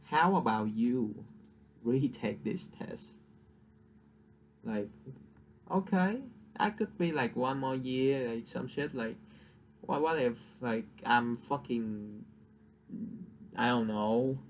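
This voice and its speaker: A man's voice: medium pitch, slow pace, long pauses, slight background noise. A young man whose first language is Vietnamese, venting in a casual, profane rant and laughing at his own jokes. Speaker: vlogger.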